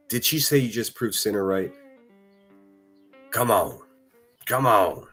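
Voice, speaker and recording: A man's voice: lowish voice, lively intonation, takes it slowly, long pauses, a bit bright, husky, soft background music. A man hosting a livestream, reacting to clips with mocking, profane, sarcastic commentary.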